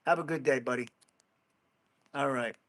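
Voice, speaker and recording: Reading comments on a relaxed livestream, a middle-aged host speaks plainly to his audience and addresses them as bro. His voice is medium-pitched and a bit bright, moving at a moderate pace.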